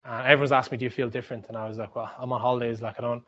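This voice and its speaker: A man's voice: medium pitch, little pitch movement, very fast, bright, forceful tone. A young Irish man giving a rambling, chatty talk full of fillers and restarts. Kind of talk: informal talk with anecdotes. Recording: dull lo-fi sound.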